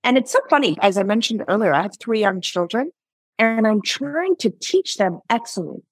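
A woman in her thirties, a company founder in a conversational interview, telling lively stories and acting out her own past lines. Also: a little high, moderate pace, breathy edge, no echo. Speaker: founder and CEO, interview guest.

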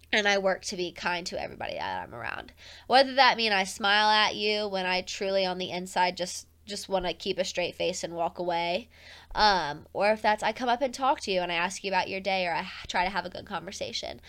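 A young woman talks through her solo podcast in a relaxed, earnest voice. Her pitch sits in an ordinary middle range. Her speech is loose and chatty, full of "like" and "um" as she works her way through each thought. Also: fairly quick. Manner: casual and earnest, heavy use of "like" and "um". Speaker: podcast host.

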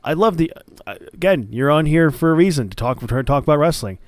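Smooth-voiced enthusiastic male podcast host. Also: fairly high pitch, lively intonation, fast, no echo, studio quality. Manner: enthusiastic, rambling play-by-play recap. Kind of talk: casual chat.

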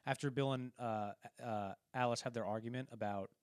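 Man, casual film talk, rambling retelling, mid pitch, dry close mic. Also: steady tone, fairly quick, dry recording. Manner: rambling, retells scenes with quoted lines. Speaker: podcast co-host.

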